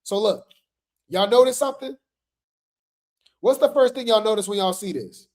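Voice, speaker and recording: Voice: mid-range voice, expressive, moderate pace, darkish tone. A commentary host talking casually to viewers about online drama, chatty and addressing the audience often, sometimes laughing mid-sentence. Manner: chatty, addresses viewers as "y'all", filler "right?".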